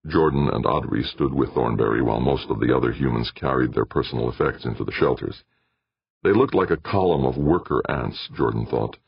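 A man reading a science-fiction novel aloud in steady, measured narration. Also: a bass voice, gravelly, slightly rough, dry recording, lo-fi sound. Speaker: audiobook narrator. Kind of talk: scripted narration.

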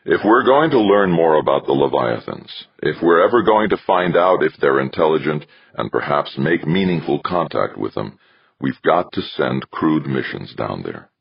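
Man reading earnest male station director, calm, deliberate, husky, lifted a little above a very low voice. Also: no room sound, exaggerated voice. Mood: persuasive. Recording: dull, dry lo-fi recording.

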